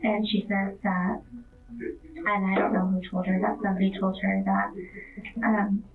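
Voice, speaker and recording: A woman's voice: medium pitch, level tone, unhurried. A young woman in her twenties, a witness in a police interview, talking in a hesitant, rambling way full of fillers. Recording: distant, tinny phone-like interview recording.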